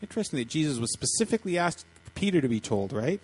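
A man preaching a sermon, retelling a story in lively, animated fashion and acting out the voices with frequent restarts. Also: fairly high pitch, fast, hardly any pauses, husky, rough recording. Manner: animated, acts out voices in quotes, many restarts. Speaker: pastor.

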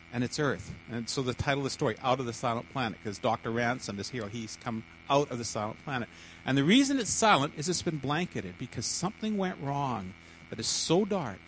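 A man's voice: a little high, a little hiss or hum, poor audio. A man preaching a sermon to a congregation, often stumbling, repeating words and restarting sentences.

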